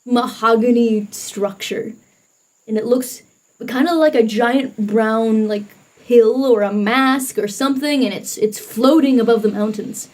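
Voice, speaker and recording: A woman running a tabletop role-playing game, describing the scene in a relaxed way with frequent fillers. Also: fairly high pitch, a little slow, low-quality recording. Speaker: game master.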